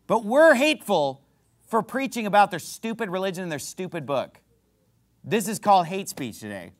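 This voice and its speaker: A male pastor preaching a fiery, impassioned sermon that rises to shouts. He says himself that he is getting worked up. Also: sits high.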